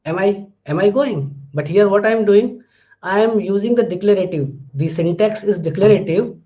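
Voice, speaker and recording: A man lectures on phonetics in a high yet mellow voice. He explains patiently, circling back over phrases and examples. The recording is muffled and lo-fi. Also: moderate pace.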